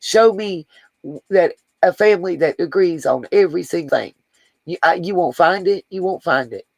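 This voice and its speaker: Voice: medium pitch, normal speed, creaky, darkish tone, no room sound, rough recording. A man hosting a livestream, chatting casually and affectionately to viewers as he reads their comments aloud. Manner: affectionate, rambling, talks straight to viewers. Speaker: livestream host.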